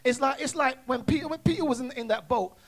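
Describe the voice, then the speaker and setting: High-pitched preacher guy, lots of amens, trips over his words. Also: quick pace, soft background music. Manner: call-and-response, stammering restarts. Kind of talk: sermon.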